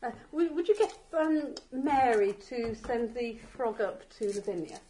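A woman playing in a tabletop game, speaking briskly and politely in character as a gentleman officer. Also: fairly high pitch, expressive, slight background noise. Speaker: player. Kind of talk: casual tabletop play.

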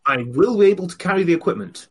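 A man playing a tabletop game, speaking in a wry, hesitant way with many ums and pauses. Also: sits high, expressive, slightly rough. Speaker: player. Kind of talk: casual tabletop game chat.

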